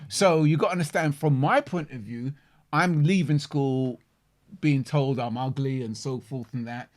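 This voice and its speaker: A man's voice: mid-range voice, normal speed. A man co-hosting a casual podcast chat, telling stories animatedly and often repeating words. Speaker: podcast co-host.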